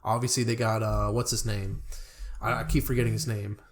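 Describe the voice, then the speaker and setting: A man's voice: fairly low pitch, flat delivery, brisk, slight background noise. A young man co-hosting a football podcast, laid-back and rambling, sometimes fumbling player names. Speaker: podcast co-host. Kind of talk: casual sports chat.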